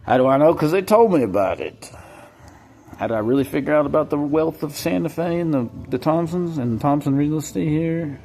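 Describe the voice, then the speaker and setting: A man's voice: a little high, expressive, brisk, gravelly, warm tone, slight background noise. A man talking to camera in a rambling, profane monologue that jumps from topic to topic.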